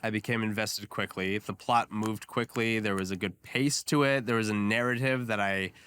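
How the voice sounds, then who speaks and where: A man co-hosting a podcast in a casual, animated chat, emphatic and quick to jump in over the others. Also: fairly low pitch, clear, resonant tone. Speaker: podcast co-host.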